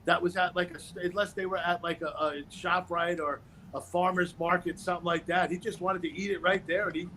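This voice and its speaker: A man's voice: high-pitched, steady tone, fairly quick, pushed and bright, a little hiss or hum. A male comedian guest telling rambling stories and jokes in a stand-up style chat. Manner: rambling storytelling with punchlines.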